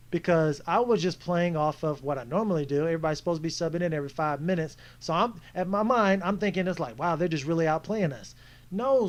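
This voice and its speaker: A man commenting casually on footage of his own basketball game, frustrated and critiquing his teammates. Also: sits high. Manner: frustrated, animated coaching critique.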